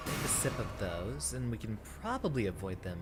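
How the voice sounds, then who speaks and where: A man from Texas streaming a video game in a put-on teacher persona voice, thinking aloud in relaxed, chatty commentary. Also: lowish voice, moderate pace. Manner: performs a put-on teacher persona voice rather than his real one. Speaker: VTuber streamer. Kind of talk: casual gameplay commentary. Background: game music.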